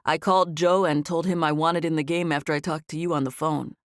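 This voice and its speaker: A woman voicing an easygoing, quietly confident young male star in an audiobook. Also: deep voice, fairly quick, clear, resonant tone, dry recording, studio quality, lightly acted. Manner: relaxed, quietly assured.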